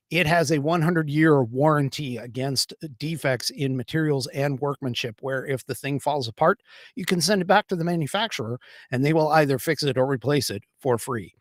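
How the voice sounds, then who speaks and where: A man's voice: a little high, dry recording, studio quality. A man from the United States hosting a livestream political podcast, talking casually and rambling with many fillers and restarts. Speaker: podcast host.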